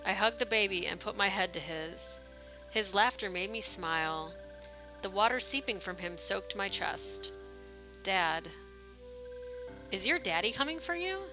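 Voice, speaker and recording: A woman's voice: mid-range voice, measured pace, over music. A woman streamer reading a game's story text aloud, with small voice shifts for the dialogue and casual asides. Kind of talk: reading game text aloud with live reactions.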